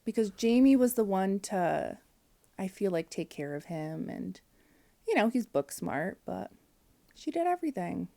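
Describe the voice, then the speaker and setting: A woman's voice: medium pitch, big pitch swings, measured pace, creaky, warm tone. A woman in her forties candidly telling an emotional personal story as a podcast guest, with fillers and quoted dialogue.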